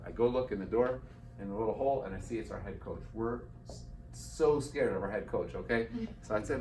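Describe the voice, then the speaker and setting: A man's voice: on the low side, quick pace, slight background noise. A man in his forties, a guest speaker, telling a personal story to an audience and acting out the voices of the people in it. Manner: animated storyteller acting out quotes. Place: event hall with live audience. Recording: roomy hall, mic heard from a distance.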